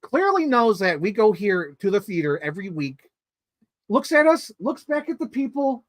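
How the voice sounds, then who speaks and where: A man giving a casual, animated movie review as a story, swearing freely and getting excited. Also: high-pitched, normal speed, dry recording.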